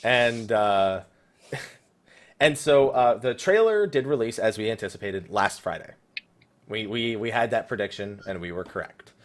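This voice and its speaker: A man's voice: lowish voice, animated, a little slow. A young man hosting a casual gaming podcast, rambling and joking with a laugh in his voice. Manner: jokey, rambling, laughs often. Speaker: podcast host.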